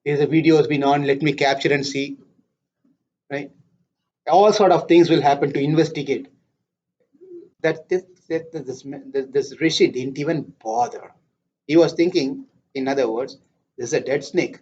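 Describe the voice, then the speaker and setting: A man teaching a scripture class, telling a story in a lively way and putting questions to his audience. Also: fairly high pitch, moderate pace, long pauses, husky. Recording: dull lo-fi lecture recording.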